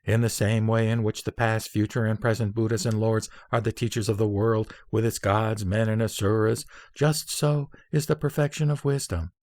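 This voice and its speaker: A man reading an old Buddhist scripture aloud in a measured, solemn recitation, pacing out long lists phrase by phrase. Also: lowish voice, level tone, darkish tone, dry recording.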